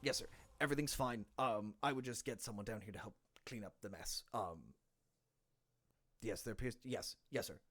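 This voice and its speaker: A man's voice: lowish voice, moderate pace, fairly bright tone. A man voicing a flustered, deferential dwarf clerk reporting to his boss. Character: fussy male dwarf clerk on a phone.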